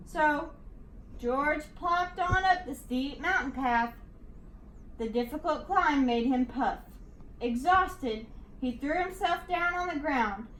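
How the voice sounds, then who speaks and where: High-voiced teacher reading aloud. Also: female voice, lively intonation, slight background noise. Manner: slow, rhythmic read-aloud. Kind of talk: reading a picture book aloud to a class. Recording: echoey room, distant mic.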